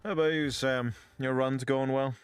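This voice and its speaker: A man's voice: medium pitch, steady tone, normal speed, clear, resonant tone, soft background music. A man hosting a gaming session, chatting casually with dry, joking banter while he plays. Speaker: gaming channel host.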